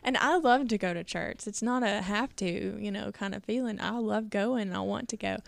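Young woman co-host, gravelly edge, dry close sound, earnest and chatty. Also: mid-range voice, moderate pace, no echo. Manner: earnest, chatty, laughs often. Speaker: podcast co-host. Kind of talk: casual faith discussion.

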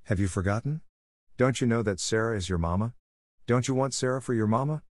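A spirited, kindly young schoolgirl who talks in a steady, coaxing tone, voiced by a male reader. Her voice sits higher than the narration. The sound is dry and close. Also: fairly quick, no echo, natural voice. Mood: soothing.

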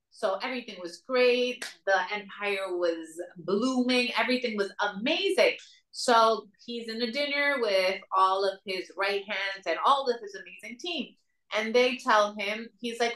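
Recorded from a distant mic in a roomy space, a Dominican woman with a Dominican Spanish accent shares a story earnestly as a guest in a casual interview. Her voice is fairly high-pitched with a sharp tone.

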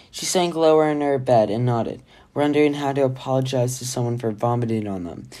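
A reader narrating a novel aloud in a plain, steady way, now and then restarting a phrase after a slip. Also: mid-range voice, moderate pace. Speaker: audiobook reader. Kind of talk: amateur novel read-aloud.

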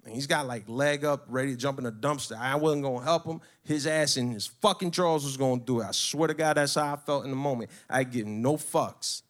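A man telling a story in a brash, profane, animated way. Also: mid-range voice, fairly quick, hardly any pauses. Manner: brash, swearing, animated retelling.

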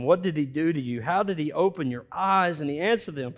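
A man preaching a sermon, reading scripture aloud and acting out the characters' lines with animated expression. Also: medium pitch, fast, few pauses. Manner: animated, reads scripture with dramatized voices for characters. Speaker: pastor.

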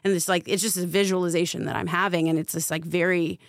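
A woman's voice: lowish voice, little pitch movement, quick pace, dry recording, clean studio sound. A woman guest on a podcast, working as a spiritual coach, telling a personal story in casual conversation, earnest and full of filler "like". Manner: earnest, heavy use of filler "like".

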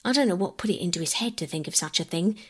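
A woman reading aloud and voicing a talkative working-class mother, rambling in a homely countrified way, with a husky voice. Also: on the low side, animated, quick pace. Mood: chatty. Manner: chatty, rambling, countrified speech.

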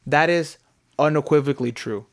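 A man co-hosting a podcast in casual chat, reading out figures and reacting excitedly, with casual swearing. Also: fairly high pitch, moderate pace, vocal fry. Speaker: podcast co-host.

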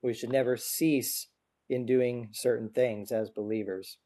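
A man's voice: mid-range voice, steady tone, a little slow, warm tone. A man preaching a sermon to a congregation in a church. He speaks in an earnest, informal way, with light self-deprecating humor. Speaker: guest preacher. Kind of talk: conversational sermon. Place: church service before a congregation. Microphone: adjustable microphone on a stand.

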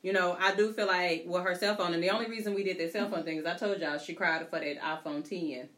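Low-voiced woman telling family stories. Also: steady tone, quick pace, a bit bright. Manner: emphatic storyteller, calls friends girl and baby. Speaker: mother of a teenage daughter. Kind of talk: casual chat among friends.

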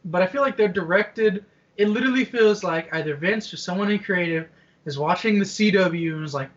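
A man with a notably high voice chatting over a video call, relaxed and slangy, often breaking into laughter. The sound is dull and lo-fi, like a call recording. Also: a little fast, recorded from a distance. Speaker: wrestling podcast co-host.

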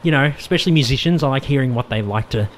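A man's voice: medium pitch, animated, very fast, a little hiss or hum. An Australian man hosting a casual podcast interview, chatty, laughing often and repeating words as he starts his questions. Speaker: podcast host.

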